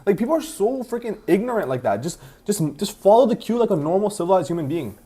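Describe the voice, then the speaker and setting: A man's voice: sits high, very animated, fast, warm tone, husky. A young man co-hosting a podcast, rambling through a story in casual chat, full of "like". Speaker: podcast co-host.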